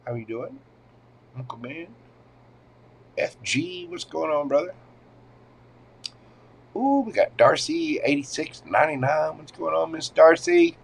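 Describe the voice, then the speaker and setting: A man's voice: unhurried, vocal fry, long pauses, breathy edge. A man reading tarot cards on a livestream in a chatty way. He greets viewers with pet names, and his voice swings up and down as he talks. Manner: animated, swings up and down in pitch and loudness. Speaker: tarot reader hosting a livestream.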